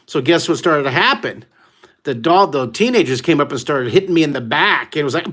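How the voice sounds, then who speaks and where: A middle-aged American man leading a live online drawing lesson for kids, telling stories with excited whoops. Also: on the high side, fairly quick. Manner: exuberant, exclamatory storyteller who whoops often. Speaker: art teacher hosting a live drawing class.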